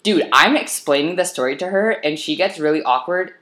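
Low-voiced woman telling a story with lots of swearing. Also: brisk. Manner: animated, swearing, breaks into laughter. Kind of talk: casual storytelling chat. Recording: echoey room.

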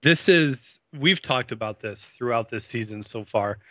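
A man with a bright, sharp tone who talks slowly and weighs his points. He casually argues about a TV show's plot. The recording is dry and close but a bit dull. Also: medium pitch, animated, no echo. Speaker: podcast co-host. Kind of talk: casual chat discussing a TV episode.

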